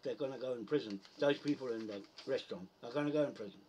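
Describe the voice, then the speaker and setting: A man in a rambling rant, angry and cursing, trailing off into mutters as he searches for something. He sits back from the mic, with faint noise and birdsong behind him. His pitch sits in an ordinary middle range. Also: fast, darkish tone, far from the mic, poor audio. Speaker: video poster.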